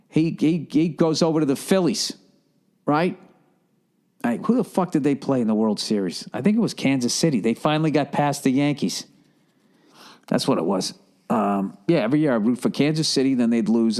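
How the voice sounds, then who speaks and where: A man's voice: medium pitch, darkish tone. A man hosting a solo podcast in a rambling, profane monologue with sarcastic asides. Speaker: podcast host.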